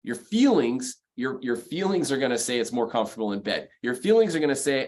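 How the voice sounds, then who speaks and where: A man's voice: mid-range voice, sing-song, fairly quick, a little mellow. A man giving a motivational sales lesson in an ordinary mid-range voice. He talks emphatically, hammers the same phrases again and again, and works through his advice point by point. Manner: emphatic, repeats key phrases, counts off numbered points. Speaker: mortgage sales coach. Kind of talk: motivational sales training talk.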